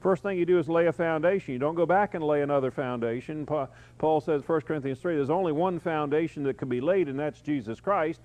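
A man preaching an evening Bible-study sermon, teaching verse by verse and pausing often on "uh". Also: on the high side, a little mellow. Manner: teaching, with frequent "uh" pauses. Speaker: pastor.

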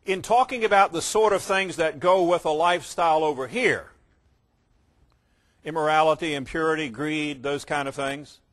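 A man preaching a sermon, emphatic, slowing down to stress key words and mimicking casual believers in quick asides. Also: on the high side, fairly bright tone.

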